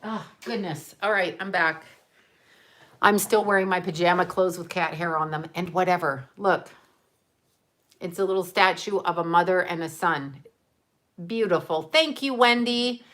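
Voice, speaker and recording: Chatty rambling woman with a bright voice. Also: lowish voice, normal speed. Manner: chatty, rambling, warm thanks, frequent fillers. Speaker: vlogger opening gifts for viewers. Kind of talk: casual chat to camera.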